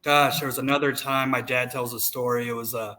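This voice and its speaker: A man's voice: mid-range voice, steady tone, brisk, sharp tone, rough recording. A man in his thirties, a podcast guest, telling candid, rambling stories with casual swearing. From United States. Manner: candid, profane, rambling anecdotes. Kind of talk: casual storytelling chat.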